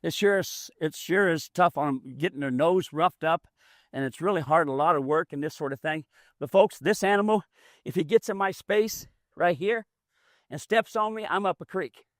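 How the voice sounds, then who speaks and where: A man whose voice is on the high side walks through a hands-on mule training demo outdoors at a moderate pace. Folksy and plainspoken, he explains as he goes in drawling rural grammar, and the recording is dry and clean, studio quality.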